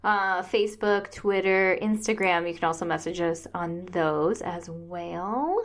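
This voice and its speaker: A woman co-hosting a podcast, chatting casually and tossing in dry, deadpan asides. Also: fairly low pitch, measured pace. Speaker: podcast co-host. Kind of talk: casual chat.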